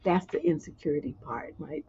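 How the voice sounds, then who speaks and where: A woman relationship coach talking casually to a live audience, animated and chatty, acting out little skits. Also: lowish voice, fairly quick, husky. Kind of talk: casual livestream talk. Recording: dull muffled sound.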